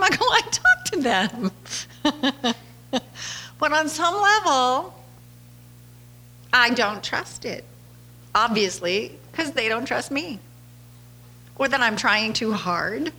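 This podcast host speaks in a somewhat high voice with a sharp edge to it. Her casual storytelling is chatty and full of laughter, and she performs the quotes she relays.

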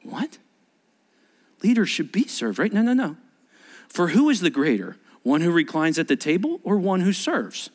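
Pastor, male, animated sermon delivery with a high, swooping voice; chatty, full of questions to the congregation. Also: moderate pace. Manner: conversational preaching with rhetorical questions; acts out quoted speech in varied voices.

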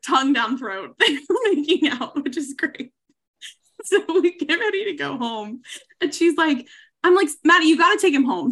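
A woman co-hosting a casual chat podcast, telling a rambling story with frequent laughter and easy swearing. Her voice sits high and sounds bright and forward. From Savannah, Georgia. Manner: chatty storytelling, laughs often, swears freely. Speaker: podcast co-host.

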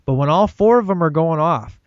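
Animated and fairly quick, this slightly high male voice belongs to a podcast co-host gushing about a favorite film in loose, rambling chat, frequently tacking on "man." The recording is dry, dull and lo-fi.

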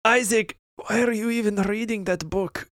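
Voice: mid-range voice, fairly even intonation, moderate pace, fairly bright tone, no room sound, clean studio sound. A game master running a tabletop session, wry and teasing with the players.

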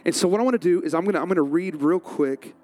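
A man's voice: high voice, fast, warm tone. A male pastor preaching a sermon, telling a self-mocking story with frequent laughter.

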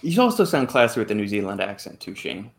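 A man's voice: fairly low pitch, big pitch swings, quick pace. A man hosting a podcast in a casual, teasing way, often laughing. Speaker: podcast host.

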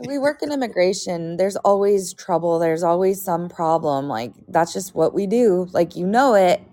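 A woman's voice: fairly low pitch, lively intonation, normal speed, warm tone. A woman co-hosting a podcast, venting in casual chat with frequent swearing. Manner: exasperated venting, profane. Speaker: podcast co-host.

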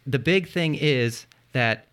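This man hosts a casual history podcast, speaking at a slow pace in a smooth, medium-pitched voice. He explains events with jokes and swearing and spells tricky names out loud.

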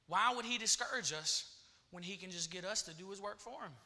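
A man's voice: high-pitched, fairly quick, bright, forceful tone. A man preaching a sermon in church, repeating phrases and calling out to the congregation.

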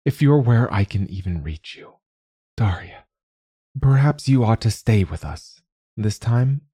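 A man's voice: on the low side, a little slow, slightly rough, dry recording, studio quality, pitched above the performer's own voice, heavily acted. Sayu: a man playing a serene sea-folk woman. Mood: tender. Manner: calm, soft-spoken, dryly teasing.

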